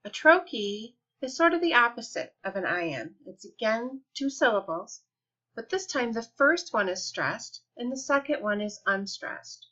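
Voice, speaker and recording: A woman teaching a lesson in a patient, deliberate way, slowing down to stretch out example words. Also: fairly high pitch, sing-song, sharp tone. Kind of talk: explanatory lesson. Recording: dull lo-fi recording.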